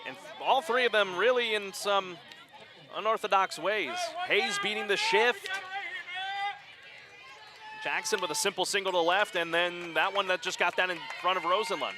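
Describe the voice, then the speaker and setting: A man calling a high school softball game play-by-play, getting quick and excited during close plays. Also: crowd noise, noisy background. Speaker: play-by-play announcer. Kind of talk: live sports commentary.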